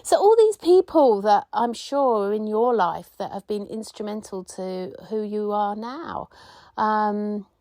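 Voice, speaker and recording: A woman's voice: mid-range voice, animated, measured pace, warm tone, no echo. A middle-aged woman, hosting a casual solo podcast and reminiscing in a rambling way with many asides. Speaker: podcast host.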